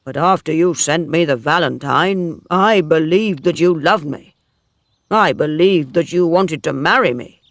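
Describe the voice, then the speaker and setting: A wounded, jealous farmer, read by a man. His voice is gravelly and slow, pressing each line with force. The recording is close and dry. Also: on the high side, dry recording. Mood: hurt. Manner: forceful, anguished. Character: wounded older male farmer, jealous and intense. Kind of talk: dramatic story reading.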